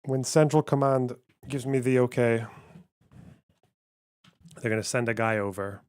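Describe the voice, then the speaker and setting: A man's voice: mid-range voice, a little slow, a little mellow, clear, resonant tone, dry recording. A man hosting a live stream, chatting casually and muttering offhand remarks as he reacts to clips. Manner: offhand, chuckling, muttering to himself.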